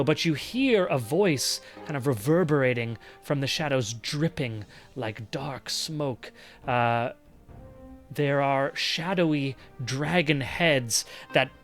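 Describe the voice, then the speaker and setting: A man narrates a tabletop role-playing session as game master, describing the scene at length. He speaks slowly in a fairly high voice, with frequent ums and uhs. Soft music plays in the background.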